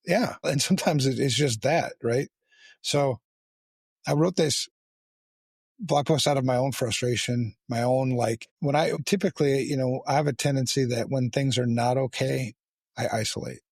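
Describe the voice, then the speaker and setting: A man hosting a podcast, talking candidly and bluntly with a lot of swearing and halting restarts. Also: medium pitch, gravelly, breathy edge, dry recording, clean studio sound. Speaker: podcast host. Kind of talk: candid casual conversation.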